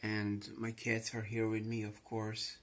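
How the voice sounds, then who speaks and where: A man's voice: fairly low pitch, completely flat delivery, measured pace, a little hiss or hum. A man with a Croatian accent, distressed, rambling and repeating himself in an emotional confessional vlog monologue. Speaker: vlogger.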